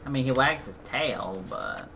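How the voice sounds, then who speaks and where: A man's voice: mid-range voice, wildly swooping pitch, a little slow, creaky, sharp tone, slight background noise. A man streaming a game and making playful, joking asides. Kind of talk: casual gameplay commentary.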